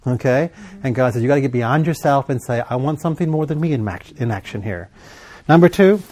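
A man preaching a sermon, leading his congregation in call-and-response and slowing down for emphasis. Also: mid-range voice, animated, a little mellow. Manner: call-and-response, prompting the congregation to fill in words; emphatic, with slow deliberate stretches.

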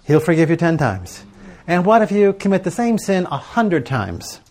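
A man's voice: fairly high pitch, very animated, normal speed, a little mellow. A middle-aged man giving a sermon to a live audience, telling stories and asking rhetorical questions in a conversational way. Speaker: preacher teaching on prayer and journaling.

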